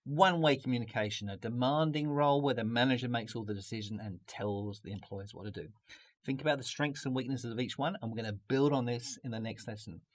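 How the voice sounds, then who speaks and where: Man, business teacher, video lesson, jokey delivery, mid-range pitch. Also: fast. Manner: jokey, puts on a mock French accent at times.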